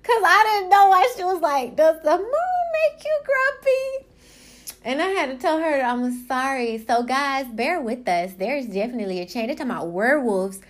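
A young woman hosting her own podcast, rambling in a casual, animated way, swearing and acting out quotes as she tells stories. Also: high voice, fairly quick, few pauses. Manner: animated storytelling, swears, laughs, acts out quotes. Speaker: podcast host.

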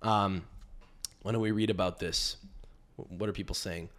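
A man's voice: deep voice, fairly even intonation, moderate pace, pauses often. A man from Canada, hosting a podcast as a comedian and riffing animatedly with frequent restarts. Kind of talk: casual podcast monologue.

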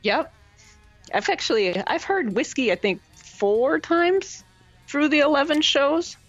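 A woman's voice: measured pace, no echo, lo-fi sound, soft background music. A woman with a Midwestern American accent, telling stories as an interview guest and acting out the voices of the people in them. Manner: animated, acts out quoted voices with big pitch jumps. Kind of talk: storytelling interview.

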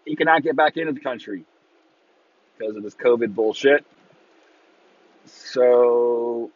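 A husky-voiced man rants in a loose, profane, exasperated way, now and then jumping into shouted mocking impressions. His voice sits at an ordinary middle pitch. The recording is dry and a little muffled. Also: no room sound. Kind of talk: casual rant.

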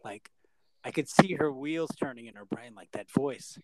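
A male podcast co-host with a medium-pitched voice tells stories at normal speed in a casual chat, though the recording is very noisy. He's an animated storyteller who acts out the quotes.

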